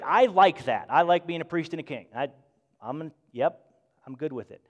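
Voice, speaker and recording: A man preaching a sermon with passion, swinging between loud emphatic bursts and hushed, intimate moments. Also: on the high side, lively intonation, normal speed. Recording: long hall reverb.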